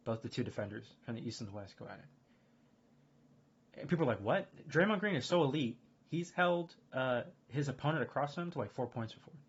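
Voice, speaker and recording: A man streaming casual chat, rambling and excitable, full of fillers and restarts. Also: mid-range voice, slightly rough. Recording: dull lo-fi stream audio.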